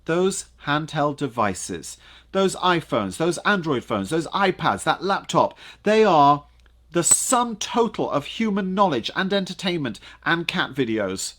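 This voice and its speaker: A man giving a lively online coaching talk on presenting, speaking to camera and using dramatic pauses and punched words for emphasis. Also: on the high side.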